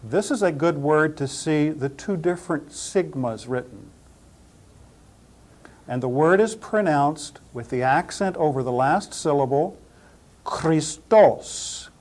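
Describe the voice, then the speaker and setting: A man's voice: on the high side, a little mellow. A man teaching New Testament Greek pronunciation. He spells out letters and repeats each word several times. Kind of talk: slow spoken pronunciation lesson.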